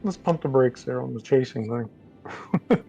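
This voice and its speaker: A man's voice: mid-range voice, a little slow, vocal fry, warm tone, soft background music. A man playing a tabletop game who jokes and nudges the other players in casual chat. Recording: dull, lo-fi microphone.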